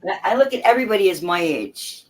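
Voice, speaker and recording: A woman's voice: mid-range voice, expressive, fast. Woman in her 50s, jokey and kinda flustered, trips over her words in casual chat. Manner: joking, easily flustered, stumbling restarts. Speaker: friend in a group chat.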